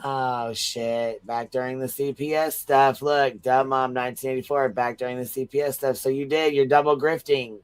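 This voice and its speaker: A man's voice: mid-range voice, fairly even intonation, normal speed, few pauses, clean tone, faint music behind. A man hosting a livestream panel, mocking people on stream, laughing often and swearing freely. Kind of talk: profane livestream commentary.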